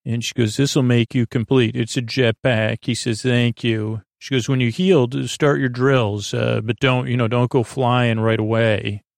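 Podcast host, male, gravelly fry, rambling filler-heavy recap, dry close sound. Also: medium pitch, fairly even intonation, unhurried, hardly any pauses, no echo. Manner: rambling, many filler uhs, paraphrases scene dialogue loosely. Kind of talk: casual episode recap.

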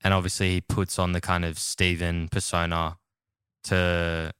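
Young man, low and bright, crisp dry voice, casual podcast chat. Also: unhurried, no room sound. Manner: animated, laughs often, says "like" a lot. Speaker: podcast host.

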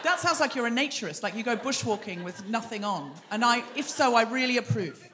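A woman's voice: fairly high pitch, lively intonation, very noisy. A woman hosting a live comedy show on a theatre stage, bantering with the audience in a teasing, chatty way. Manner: teasing, chatty crowd work with quick asides. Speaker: host.

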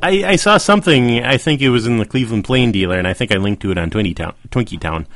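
A man's voice: medium pitch, lively intonation, fast talker, a bit bright. A man co-hosting a podcast, chatting casually and wryly about sports news. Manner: chatty, wry, trailing off into asides. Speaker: podcast co-host. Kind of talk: casual chat.

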